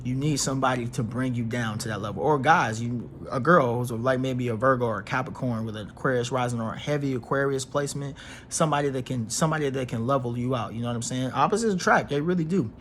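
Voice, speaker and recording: A man's voice: mid-range voice, fast talker, a bit bright, slight background noise. Emphatic man giving an astrology reading. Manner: emphatic, preachy, repeats phrases, slangy. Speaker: astrology reader. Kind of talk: casual astrology reading to camera.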